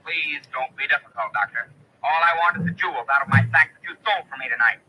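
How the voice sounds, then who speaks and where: A man's voice: medium pitch, fast, sharp tone, soft background music, low-quality recording. A man voicing a threatening crook who leads a gang of fake carolers, in a 1940s-style radio play. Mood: menacing. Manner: clipped, threatening.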